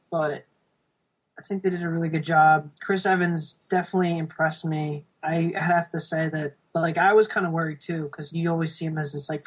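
A husky, breathy voice at middle pitch talks through film opinions in a thoughtful, hedging way. The recording is dull and lo-fi. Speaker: podcast panelist. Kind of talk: casual chat.

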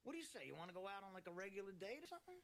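An actor playing a rough-talking adult man who swears a lot, in a gruff, profane manner. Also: sits high, sing-song, racing, a bit bright, heavily acted.

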